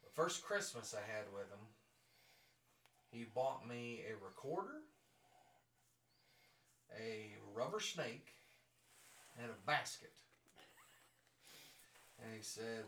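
Man, podcast host, casual storytelling, self-mocking jokes, bright voice, echoey room. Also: medium pitch, very animated, slow, long pauses. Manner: jokey, self-mocking, laughs often. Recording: roomy sound from a distant mic with faint noise.

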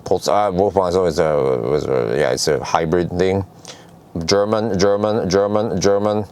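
Halting man explaining car tests. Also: deep voice, a little mellow, clean tone. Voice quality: non-native English, halting with many fillers and restarts. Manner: chatty, digressive, laughs at own jokes. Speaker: car reviewer. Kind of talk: casual explainer.

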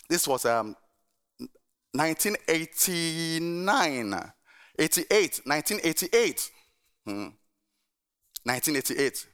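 A middle-aged male pastor preaching a sermon, telling stories in an animated way and urging the congregation to answer back. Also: mid-range voice, smooth.

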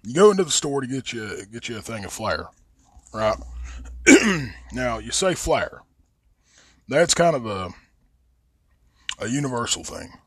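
A man's voice: mid-range voice, very animated, moderate pace, pauses often, fairly bright tone, husky, no echo. A man with a Southern Appalachian accent, rambling and cussing freely as a podcast host, drawling and stretching his vowels into a close mic. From West Virginia. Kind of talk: casual profane monologue.

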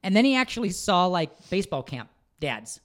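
A man's voice: high-pitched, normal speed. A man hosting a podcast in casual chat, telling stories with lots of laughter and some swearing. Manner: animated storyteller, laughs often, swears. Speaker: podcast host.

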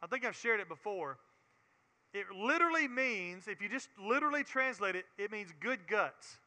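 A man's voice: high-pitched, expressive, moderate pace, pushed and bright, big-room sound. A man with a Southern US accent teaching a Bible sermon in an earnest way, often repeating words and building to emphatic preaching.

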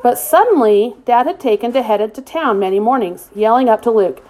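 A woman reading a novel aloud as an audiobook narrator, in a steady, expressive storytelling manner. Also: a little high, normal speed, hardly any pauses.

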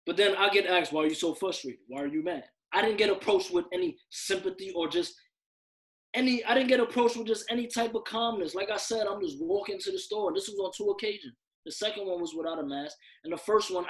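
A man's voice: high-pitched, fairly quick, poor audio. A young man on a podcast, talking heatedly and emphatically, often repeating himself out of frustration. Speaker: podcast co-host.

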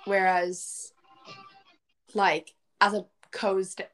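A woman's voice: medium pitch, flat delivery, extremely slow, fairly bright tone, faint music behind, rough recording. Chatty woman hosting a podcast. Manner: chatty, reads astrology text aloud. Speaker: podcast co-host. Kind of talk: casual chat and reading aloud. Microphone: remote call recording.

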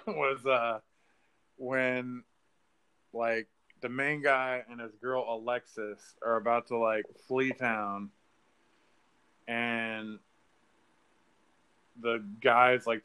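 Excitable guy on a podcast, does bits from the movie, laughs a ton. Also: medium pitch, takes it slowly, long pauses, clean tone. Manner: animated, acts out quotes, laughs and swears. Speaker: podcast co-host. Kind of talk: casual movie review chat.

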